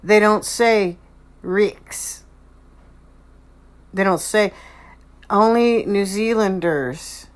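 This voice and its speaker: A slow-talking woman delivers rambling, repetitive commentary over video clips, dwelling on how others pronounce words. Her pace is deliberate and her pitch sits in the middle range for a woman. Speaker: channel host commenting on clips.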